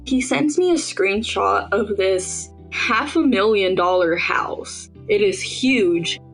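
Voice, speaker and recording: A woman's voice: mid-range voice, expressive, slow pace, breathy edge, soft background music, low-quality recording. A young woman, a podcast interviewee, recounts her own experience in a casual, conversational way, often saying "like". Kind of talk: personal storytelling in an interview.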